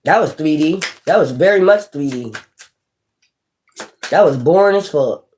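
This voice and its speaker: A woman's voice: low-pitched, lively intonation, a little slow, a little mellow, a little hiss or hum. Blunt, profane woman tarot reader. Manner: repetitive, emphatic. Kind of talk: casual tarot reading rant.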